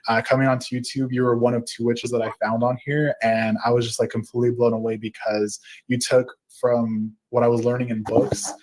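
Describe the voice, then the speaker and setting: A man's voice: medium pitch, little pitch movement, fairly quick, hardly any pauses. A man in his thirties hosting a live stream, reading viewers' comments aloud with frequent laughs and fillers. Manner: warm, laughs often, reads with fillers. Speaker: host.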